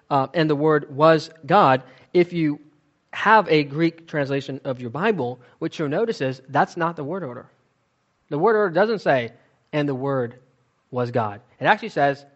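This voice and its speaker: A man teaching scripture to a congregation in a slightly high voice. He explains emphatically but conversationally. The recording sounds dull and lo-fi. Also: lively intonation, measured pace. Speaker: Bible teacher. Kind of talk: expository Bible teaching.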